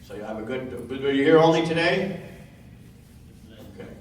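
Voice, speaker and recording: A man's voice: mid-range voice, lively intonation, moderate pace. A man on a convention panel teasing the audience with sarcastic, profane improvised banter. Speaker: comedic voice actor on a convention panel. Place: large convention hall. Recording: echoey hall, distant mic, noisy.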